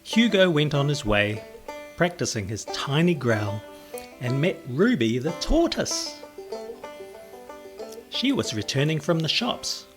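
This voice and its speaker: A man reading a children's picture book aloud in an expressive, theatrical way. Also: a little high, slow pace, pauses often, faint music behind. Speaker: storyteller.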